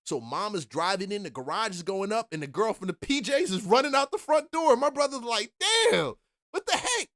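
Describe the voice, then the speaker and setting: Man, from philadelphia, casual storytelling, slangy, lively swooping pitch, dry close sound. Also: fairly quick, few pauses, no room sound. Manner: animated, slangy, laughing asides. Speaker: reaction channel host.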